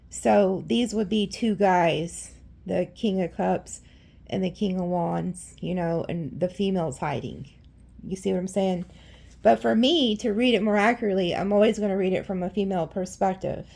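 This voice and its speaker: Woman tarot reader, casual and blunt, raspy with vocal fry; rambles and curses freely. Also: medium pitch, darkish tone. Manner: chatty and blunt, swears freely; rambling, with frequent restarts.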